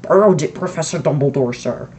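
A teenage reader voicing a big, gentle, rough male giant in an amateur audiobook, loud and humble with rustic phrasing. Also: medium pitch, fairly quick, slight background noise, close to an everyday voice.

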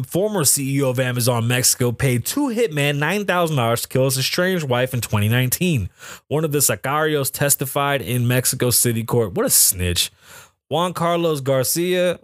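Male podcast host, loose profane commentary, middle pitch, dry close mic. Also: no room sound. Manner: rambling, swears a lot, laughs at the news.

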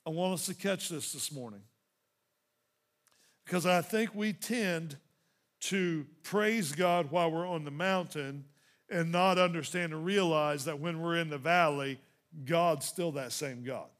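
A pastor preaches with a voice on the high side, unhurried, building into emphatic runs and then dropping into softer asides to the congregation.

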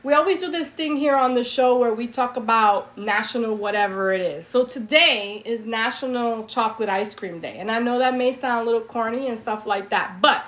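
A woman co-hosting a podcast, chatting in a relaxed way and leading a quick question game. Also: a little high. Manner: relaxed, leads games with "right?" tags. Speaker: podcast co-host. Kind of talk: casual podcast chat.

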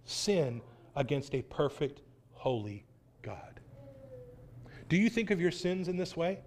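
A man preaching as pastor, earnest, with loud stresses and hushed low phrases. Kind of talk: sermon.

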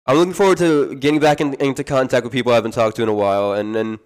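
A man's voice: medium pitch, fairly even intonation, rapid-fire. A young man co-hosting a podcast, talking casually and rambling with frequent restarts and fillers. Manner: rambling, hesitant, many restarts. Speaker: podcast co-host. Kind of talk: casual chat.

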